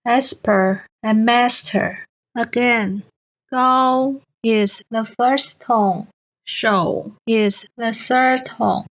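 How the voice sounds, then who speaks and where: A woman teaching Mandarin pronunciation in a slow, scripted lesson narration, enunciating each example word carefully. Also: fairly high pitch. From Taiwan. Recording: dull lo-fi recording.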